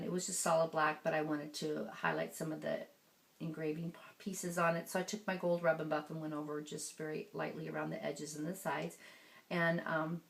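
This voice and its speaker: Lady walking thru her handmade mini album, chatty w lots of ums, kinda gravelly lowish voice. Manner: chatty, relaxed, frequent ums while handling pages. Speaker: scrapbooking crafter. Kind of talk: casual craft show-and-tell.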